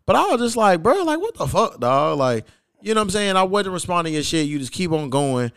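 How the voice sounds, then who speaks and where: Profane, animated young man telling stories. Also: fairly high pitch, quick pace, smooth, no echo, studio quality. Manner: profane, animated, acts out quoted lines. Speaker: podcast host. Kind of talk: casual storytelling chat.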